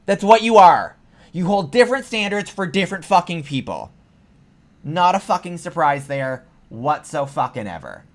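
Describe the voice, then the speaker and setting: A political commentary vlogger with a high, slightly bright voice delivers a heated, profane reaction rant, sweaty from the effort.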